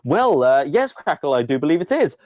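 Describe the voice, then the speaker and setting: An all-seeing computer overseer, put on by a man running a tabletop game, speaks in a bright, chirpy voice full of false friendliness. Every pleasant word hides suspicion. The sound is dry and close, with no room around it. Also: fairly high pitch, big pitch swings, fairly quick, no echo.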